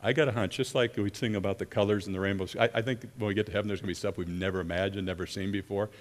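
A man preaching a sermon in an earnest, halting way, often breaking off and restarting his sentences. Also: fairly low pitch, fairly even intonation. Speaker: pastor or worship leader. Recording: long reverb of a church hall.

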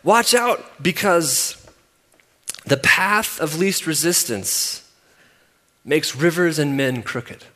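A preacher putting on a loud Southern coach. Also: male voice, lively intonation, slow, long pauses, exaggerated voice. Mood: booming. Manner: booming, folksy warnings. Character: big loud man, eccentric Southern basketball coach.

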